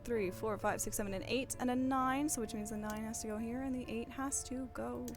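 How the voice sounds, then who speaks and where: A woman co-hosting a game stream, talking through a puzzle with excitable, profane commentary. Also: fairly high pitch, brisk, over music. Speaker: streamer and co-host.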